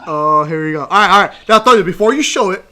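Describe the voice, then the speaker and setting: A man's voice: sits high, lively intonation, fast talker, pushed and bright. A man hosting a podcast in casual chat, teasing his guest and repeating his commands. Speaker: podcast host.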